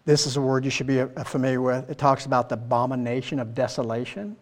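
A man's voice: medium pitch, quick pace, long reverb tail. A man giving a Bible teaching sermon in a conversational way, often checking in with his listeners. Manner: conversational, asks the listeners questions. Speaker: preacher.

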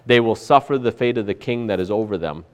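A man's voice: fairly low pitch, quick pace, smooth. A man preaching a sermon in an earnest way, with frequent fillers and restarts. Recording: long hall reverb.

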